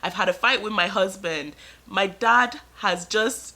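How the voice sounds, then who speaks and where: Bright-voiced young woman telling a storytime. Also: mid-range voice, measured pace. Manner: animated, exclamatory storytelling. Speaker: vlogger. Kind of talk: storytime vlog.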